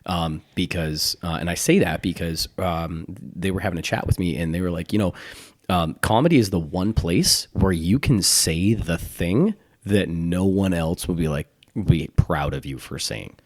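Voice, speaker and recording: A man's voice: low voice, moderate pace, no room sound, studio quality. A man co-hosting a podcast in casual chat, joking and reading out punchy comeback lines.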